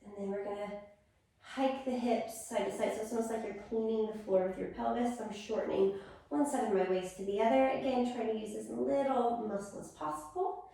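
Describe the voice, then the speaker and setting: A woman fitness instructor calmly cueing a core stability class step by step. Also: a little high, brisk, gravelly. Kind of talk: guided exercise class. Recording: echoey room, far from mic.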